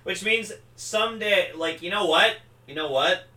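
A young man with a bright, forceful voice, sitting a little back from the mic in an echoey room. He talks casually with lots of fillers and gets excitable, acting out lines as he retells a story. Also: sits high, moderate pace, distant mic. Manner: excitable, lots of fillers, acts out quotes loudly. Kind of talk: casual podcast chat.

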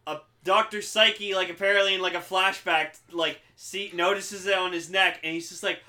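A man casually recapping a show with friends, rambling with many fillers and loudly acting out the characters. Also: high voice, steady tone, moderate pace. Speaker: podcast co-host.

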